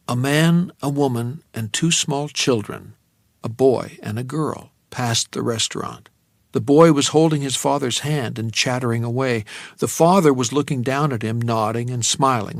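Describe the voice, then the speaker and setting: A male narrator with a gravelly, fry-edged voice, reading a first-person novel in a measured, tense way. His pitch sits in the middle range, and the recording is close and dry, with no room sound at all. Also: dry recording. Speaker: audiobook narrator.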